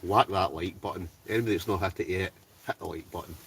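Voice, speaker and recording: Scottish male host, deep voice, upbeat live chat from a camping tent, mic a bit distant with faint hiss. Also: fast, vocal fry, a bit bright. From Scotland. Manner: chatty and upbeat, greets viewers by name. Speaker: wild camping livestreamer. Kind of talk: casual livestream chat, reading out viewer comments. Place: hot tent outdoors behind his house.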